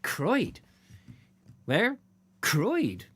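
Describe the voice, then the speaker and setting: A man voicing a daft, chatty pub regular with a West Country accent in a squeaky, bantering voice. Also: huge pitch swings, drawn-out words, a bit bright, breathy edge, no echo, exaggerated voice.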